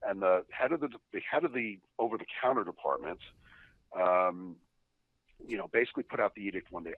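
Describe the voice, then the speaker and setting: A man's voice: sits low, brisk, no echo. A man on a podcast, telling profane anecdotes in a chatty, laughing way. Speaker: podcast guest. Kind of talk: casual storytelling. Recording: dry tinny phone line.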